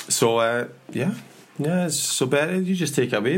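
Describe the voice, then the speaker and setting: A man's voice: on the high side, lively intonation, moderate pace. A middle-aged man, hosting a casual podcast chat in a jokey, rambling way with plenty of fillers. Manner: chatty, jokey, trails off with fillers. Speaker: podcast host.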